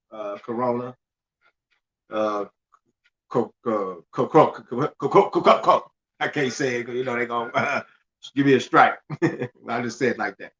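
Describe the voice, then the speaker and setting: Male host, casual and rambling, repeats himself, middle pitch, muffled lo-fi recording. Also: a bit bright. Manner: loose and conversational, stumbles and repeats words, laughs at himself. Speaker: finance channel host. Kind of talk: casual livestream talk reading news aloud.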